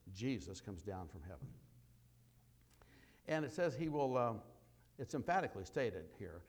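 A man preaching a sermon, with emphatic loud bursts and quieter asides as he walks through scripture. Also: fairly low pitch.

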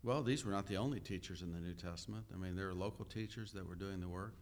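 Male pastor, lower voice, unhurried conversational sermon with many pauses. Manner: unhurried teaching with frequent "uh" pauses; conversational, asks the listeners questions.

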